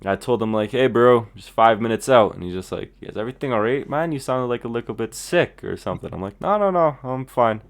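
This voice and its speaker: A man's voice: medium pitch, fast talker, vocal fry, hardly any pauses. A young man hosting a casual podcast, telling a story with lots of laughs and acted-out voices. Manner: animated storyteller, laughs often, acts out voices in quotes. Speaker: podcast host.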